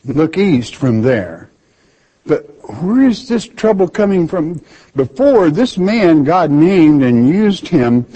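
A man's voice: a little high, very animated, slow pace, dark tone, breathy edge. A man preaching a sermon. He reads scripture aloud and bluntly explains it, scolding listeners with rhetorical questions. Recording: dull lo-fi recording.

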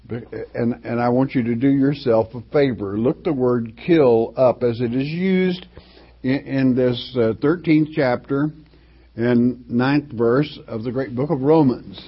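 Slow, husky older preacher. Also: male voice, mid-range voice. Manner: slow, halting, with restarts and homespun asides. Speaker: Bible teacher. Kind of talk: folksy Bible teaching. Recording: dull lo-fi recording.

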